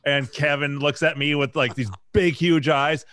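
A man's voice: fairly high pitch, fairly even intonation, normal speed, fairly bright tone. A man, a podcast co-host, telling a funny childhood story in casual chat, chuckling as he goes. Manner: laughing, loose storyteller.

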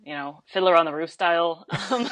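A young woman in her twenties talks as a podcast guest, chatty and loose, laughing easily between thoughts. Her voice sits a little low for a woman. The sound is close and dry, with no room around it. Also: a bit bright, dry recording. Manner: chatty, laughs often, many "like" fillers. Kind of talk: casual conversation.

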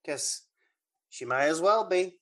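A woman's voice: low-pitched, expressive, slow, a bit bright. A woman talks through a film plot in a loose, rambling way, full of fillers and little laughs. She sounds like a casual podcast co-host chatting with a friend. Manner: chatty, rambling, giggly recap with many fillers. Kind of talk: casual chat.

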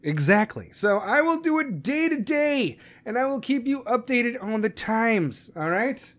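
A man with a notably high-pitched voice hosts his own podcast, talking straight to his listeners. He rants in a brash, swaggering way and swears freely. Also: big pitch swings, measured pace, a bit bright. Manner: brash, profane, ranting. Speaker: podcast host. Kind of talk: casual solo podcast monologue.

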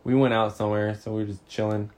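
A man's voice: fairly low pitch, little pitch movement, quick pace, darkish tone. A man in his twenties, a podcast co-host, telling a story in casual slang with lots of swearing and laughter.

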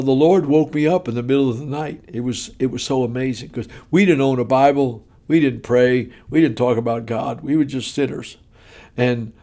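A man giving his personal testimony from the pulpit, telling the story in a punchy, animated, folksy way. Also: medium pitch.

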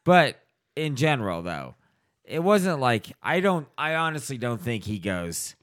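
A man's voice: medium pitch, a little slow. A man co-hosting a casual podcast chat, swearing freely and acting out little scenes as he tells stories. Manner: profane, animated storytelling with acted-out voices.

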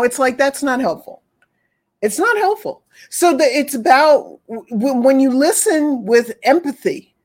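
A woman who talks with animals, explaining her work in an earnest, repetitive conversational way. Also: high-pitched. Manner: earnest, repetitive, acts out pitying voices. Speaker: animal communicator guest. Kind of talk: casual conversation.

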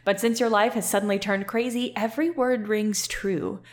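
A woman's voice: medium pitch, steady tone, normal speed. A woman co-hosting a podcast, cracking jokes and giggling between passages she reads aloud. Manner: joking, giggly commentary. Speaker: podcast co-host. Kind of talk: casual banter and read-aloud.

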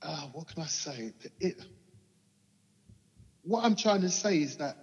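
A man's voice: on the high side, animated, measured pace, husky, long reverb tail, lo-fi sound. A man with a Cockney accent, a guest telling his life story in a rambling way, often asking "you know what I mean?". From England. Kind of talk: candid personal storytelling.

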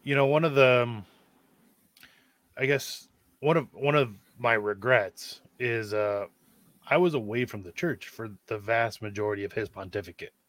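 A man's voice: medium pitch, normal speed, fairly bright tone, no room sound. A young man co-hosting a podcast, speaking in a hesitant, reflective way with many fillers. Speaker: podcast co-host. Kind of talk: casual conversation.

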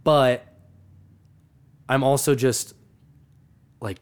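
A young man co-hosting a podcast, telling a profane, animated story and laughing often. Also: mid-range voice, brisk. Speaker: podcast co-host. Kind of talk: casual storytelling chat.

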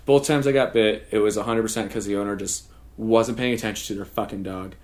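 A man with a lowish voice vents in casual chat, swearing at nearly every turn. He talks like a working technician telling it straight to a friend. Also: steady tone, brisk. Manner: profane, ranting, laughing asides. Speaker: technician who visits homes.

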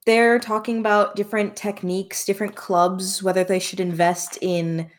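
A woman narrating a tabletop game as game master, relaxed and giggly between descriptions. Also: medium pitch, moderate pace, a little hiss or hum. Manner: relaxed, giggly, voices characters.

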